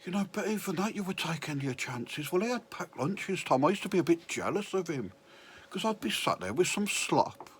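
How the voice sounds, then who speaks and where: A man's voice: high-pitched, big pitch swings, moderate pace, husky. A man telling a rambling, self-mocking story about his childhood. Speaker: comedian. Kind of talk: confessional storytelling.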